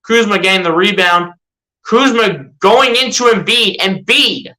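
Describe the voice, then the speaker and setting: Bright-voiced fan doing live play by play, fed up, chatty, keeps fixing slips and repeating stuff. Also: mid-range voice, unhurried, low-quality recording. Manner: exasperated, rhetorical questions at the team; chatty, self-correcting, repeats itself.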